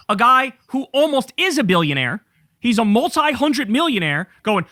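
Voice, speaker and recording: A man's voice: very high-pitched, big pitch swings, fairly quick, bright, forceful tone, no room sound, studio quality. A man giving political commentary in a sarcastic, mocking, profane tone.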